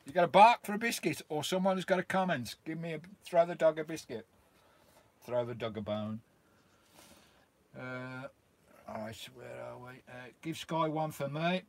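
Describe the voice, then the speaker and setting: A man's voice: fairly high pitch, moderate pace, pauses often, slight background noise. A middle-aged British man hosting a casual live stream outdoors by his campervan, greeting viewers by name and chatting with them in a friendly way.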